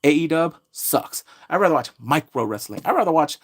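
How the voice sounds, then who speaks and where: A man's voice: on the high side, lively intonation, fairly quick. Brash trash-talking male vlogger. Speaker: pop culture vlogger. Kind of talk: casual rant to camera.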